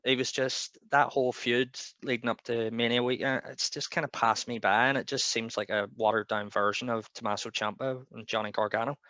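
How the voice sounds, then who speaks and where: A man hosting a podcast in casual wrestling chat, talkative and quick to laugh. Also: mid-range voice, fairly even intonation, sharp tone, dry recording. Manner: chatty, laughs often, quick asides. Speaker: podcast host.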